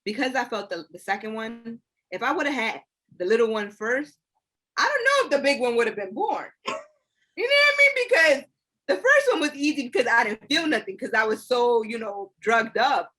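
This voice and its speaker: A woman's voice: a little high, lively intonation, normal speed, pushed and bright. A woman co-hosting a podcast, talking in a casual, slangy, emphatic way. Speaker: podcast co-host. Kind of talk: casual chat.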